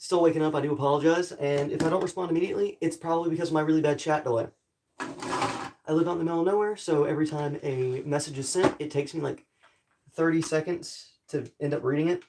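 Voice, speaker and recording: A man's voice: a little high, steady tone, fast talker, background noise. Groggy young man rambling on a live stream. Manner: rambling, apologetic, chatty with viewers. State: groggy morning voice. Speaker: livestreamer. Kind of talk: casual live stream chat. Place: home in a rural area.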